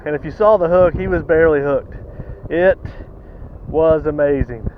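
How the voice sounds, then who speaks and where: A man fishing from a kayak outdoors, talking to the camera with excited, repeated exclamations and out of breath. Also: fairly high pitch, normal speed, a little hiss or hum. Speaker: kayak angler. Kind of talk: excited on-the-water fishing commentary. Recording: dull lo-fi camera audio.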